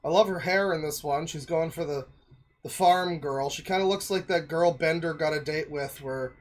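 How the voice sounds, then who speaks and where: A man's voice: a little high, moderate pace. Rambling, joking male streamer. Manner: rambling, joking, many fillers. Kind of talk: casual reaction commentary.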